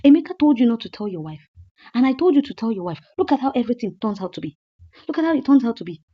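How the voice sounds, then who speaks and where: Woman, casual movie-recap host; slightly high, warm tone, chatty and repetitive, dull lo-fi sound. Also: sing-song, quick pace. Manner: chatty, repeats herself, asks rhetorical questions.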